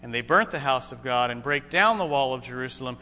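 A man preaching a sermon, emphatic and slowing down to stress key points. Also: medium pitch, lively intonation, sharp tone, a little hiss or hum. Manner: emphatic, slows down for weight. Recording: long hall reverb.

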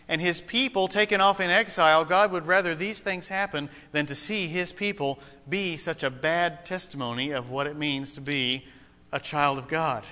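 A man preaching a sermon, emphatic and slowing down to stress key points. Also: a little high, bright, forceful tone, clean tone. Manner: emphatic, slows down for weight. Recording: long hall reverb.

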